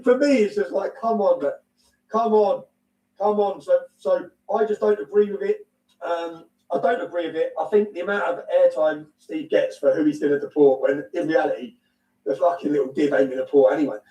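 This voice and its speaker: A man's voice: on the high side, a little fast, mellow, reverberant, distant mic, low-quality recording. A man with an English accent, talking bluntly and emphatically as an interview guest, repeating his points and swearing now and then. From England. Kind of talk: heated conversational interview.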